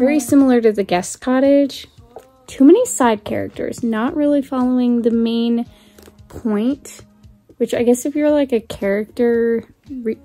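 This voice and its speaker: A woman's voice: on the high side, dark tone. A woman talking casually to camera in a book vlog, candid and chatty, laughing often. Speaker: book vlogger.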